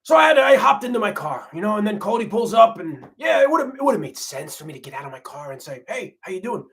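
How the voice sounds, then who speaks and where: A man's voice: high voice, very animated, fast, fairly bright tone, full character voice. A man playing a folksy, laid-back grandmother on a comedic parody livestream, rambling and repeating himself. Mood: gossipy. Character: folksy middle-aged grandmother reality-TV wife, laid-back. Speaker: livestream host.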